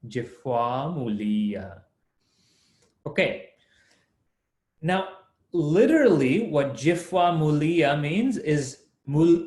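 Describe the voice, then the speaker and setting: A man's voice: on the high side, a little mellow. A young man teaching a Sanskrit class over a video call, patiently explaining step by step and often laughing. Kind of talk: online class lesson. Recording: echoey room.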